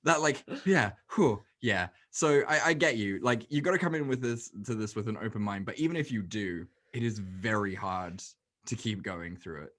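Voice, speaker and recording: Guy on a movie podcast, lowish voice, animated, swears a lot, recapping the plot. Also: normal speed. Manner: animated, swears freely, mimics characters. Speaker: podcast co-host. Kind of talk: casual movie review chat.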